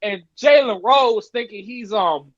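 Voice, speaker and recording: High-voiced man ranting emphatically. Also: a little slow, highs cut off, a crowd in the background. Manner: emphatic, repeats his points. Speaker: podcast host. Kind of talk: casual sports rant.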